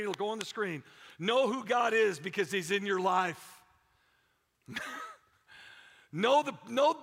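High, gravelly-voiced preacher man. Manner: energetic, repeats phrases for emphasis, rallies the congregation. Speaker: pastor. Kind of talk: sermon. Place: church sanctuary. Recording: echoey church hall.

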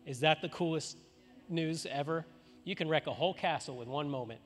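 A man preaching a sermon in a fairly high voice, talking loosely and conversationally and throwing rhetorical questions at the crowd. His voice rings out through a large church hall with a long reverb. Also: fairly quick, soft background music. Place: church auditorium.

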